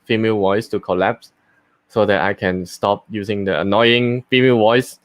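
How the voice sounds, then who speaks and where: A voice actor, a man, casually explaining his voice techniques in an unhurried way with many fillers and restarts. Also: on the low side, fairly even intonation, no room sound. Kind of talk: casual live talk and voice demo.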